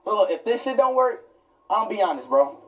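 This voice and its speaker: A man's voice: sits high, very animated, a little fast. A young man live streaming on a phone, talking casually with lots of slang and getting easily spooked. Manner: loose slangy talk full of "bro", jumpy and easily scared. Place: walk-through haunted attraction. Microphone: phone held while walking. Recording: roomy far-off lo-fi phone sound with music.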